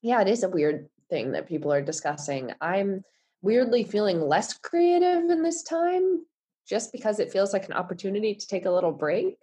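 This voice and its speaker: A woman's voice: mid-range voice, very animated, normal speed, dark tone, slightly rough. A woman guest on a remote podcast interview, talking easily and laughing lightly. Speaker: guest writer. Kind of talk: casual interview chat. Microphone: remote recording.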